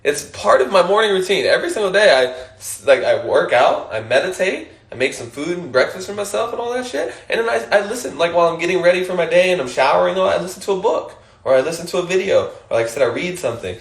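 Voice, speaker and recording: A man's voice: sits high, animated, fast talker, few pauses, echoey room. A man hosting an Instagram Live, giving a casual motivational monologue, emphatic and swearing casually, often laughing and repeating his points.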